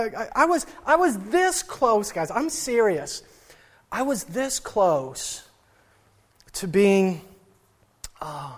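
A man preaching a sermon in an earnest, personal way, often restarting and repeating words. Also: sits high. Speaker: pastor.

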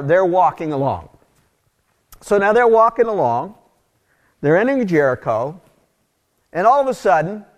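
A middle-aged man preaching a conversational sermon, telling stories with casual asides. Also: sits high. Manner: casual, animated, storytelling with asides. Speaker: pastor.

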